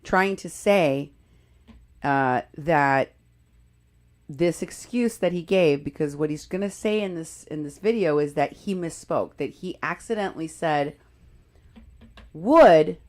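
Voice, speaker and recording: A woman hosts a live political commentary stream, talking with plenty of conviction and pressing her points hard. Her voice sits slightly low for a woman, and she keeps breaking off and restarting her sentences as she goes. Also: measured pace. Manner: emphatic, indignant, with frequent restarts. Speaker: show host.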